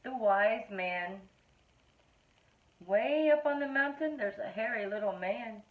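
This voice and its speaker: A middle-aged woman reading funny children's poems aloud in a playful, animated storytelling manner. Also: mid-range voice, slow pace. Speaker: reader of a children's poetry book. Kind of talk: expressive read-aloud of children's verse. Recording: tinny phone-like audio.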